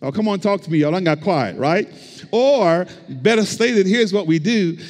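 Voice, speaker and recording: A man's voice: high voice, expressive, normal speed, darkish tone. A male pastor preaching a sermon, with rhythmic repetition and call-and-response to the congregation. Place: church sanctuary. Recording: long hall reverb.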